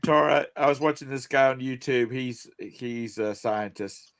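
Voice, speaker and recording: A man's voice: medium pitch, unhurried, fairly bright tone, dry recording. An older man hosting a casual political chat, rambling with fillers and chuckles. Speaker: host.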